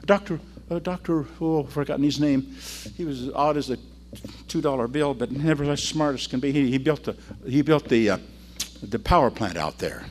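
An older man preaching a sermon, telling stories and calling on the congregation to answer and repeat after him, moving between loud preaching and low asides. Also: animated, a little fast, slight background noise. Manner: storytelling with call-and-response to the congregation.

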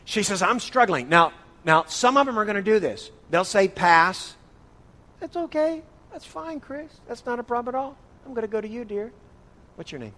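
A man with a slightly high voice leads a church Bible study, quizzing his listeners and teasing them by name. His words ring out with a long reverb in a big hall. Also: expressive, brisk, fairly bright tone. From northern United States. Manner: playful, calls on listeners by name. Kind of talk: interactive church teaching session.

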